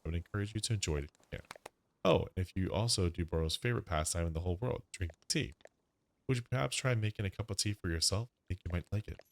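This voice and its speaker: A man voicing a gentle, polite male tea shop keeper who speaks formally with slightly odd grammar. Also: sits low.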